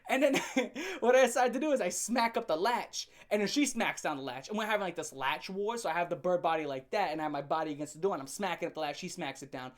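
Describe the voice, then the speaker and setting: A young man telling a funny story from his teen years in a casual, animated way, laughing often and swearing freely. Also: high voice, fast talker. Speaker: storyteller host. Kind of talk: comedic storytime vlog.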